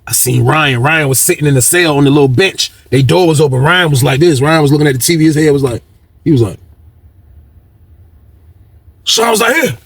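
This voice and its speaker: Talking fast in a voice on the high side, a man spins a slangy, casual story and performs the dialogue of others, changing voices as he goes.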